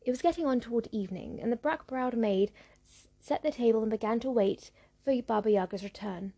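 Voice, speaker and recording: A woman narrating a folktale in a measured, rhythmic storybook reading. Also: on the high side, warm tone, slightly rough.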